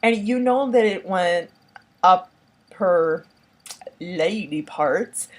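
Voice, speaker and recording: A woman's voice: lowish voice, expressive, very slow. A woman reviewing a horror film in casual talk. She rambles and gushes, with constant fillers like "like" and "um". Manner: rambling, heavy use of "like" and "um"; enthusiastic, gushing.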